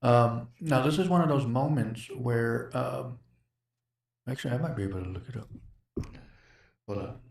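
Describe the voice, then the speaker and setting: Gravelly-voiced man hosting a podcast. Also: medium pitch, normal speed, long pauses, darkish tone. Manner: rambling, laughs often, self-interrupting. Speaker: podcast host. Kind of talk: casual storytelling chat.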